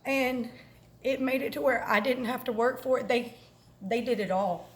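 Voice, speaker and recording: A woman from Alabama gives a halting, emotional personal testimonial at a campsite and is close to tears. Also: a little high. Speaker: camp attendee giving testimony.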